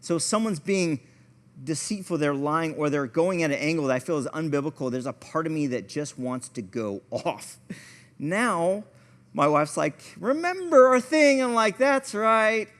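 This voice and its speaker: A man teaches a church class in a fairly high voice, part lesson and part story. He talks in an easy, conversational way and often makes fun of himself. His voice carries a long echo from the hall. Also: animated, normal speed. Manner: conversational, storytelling, self-deprecating. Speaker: pastor and family therapist teaching a class.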